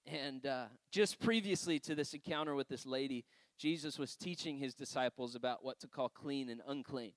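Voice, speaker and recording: A man delivers a sermon as if telling stories over coffee, breaking into laughter and easy asides. His voice sits at an ordinary middle pitch. The recording is dry and close, with no room sound around him. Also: normal speed, no echo. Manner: conversational storytelling, frequent laughs and asides. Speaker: pastor.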